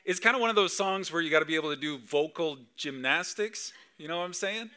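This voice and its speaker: This man's voice is a little high, clean in tone, pushed and bright, and he talks fast. He's a pastor giving a chatty Christmas Eve sermon in church, constantly tossing rhetorical questions at the crowd.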